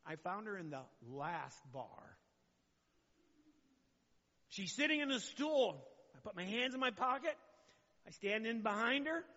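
A man's voice: sits high, sing-song, a little slow, long pauses, pushed and bright, big-room sound, lo-fi sound. A man preaching a sermon as pastor, talking conversationally and asking the congregation questions.

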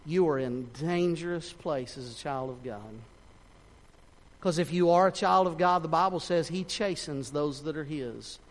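A man preaching a sermon in a fervent, folksy way, swinging between shouts and hushed tones. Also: a little high, moderate pace. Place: church sanctuary. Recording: long reverb of a church hall.

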